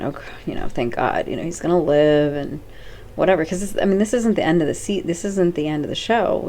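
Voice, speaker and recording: A woman's voice: sits low, gravelly, mellow, slight background noise. A woman vlogger talking casually to viewers in a rambling, off-the-cuff way, with many fillers and restarts. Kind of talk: casual talk to camera.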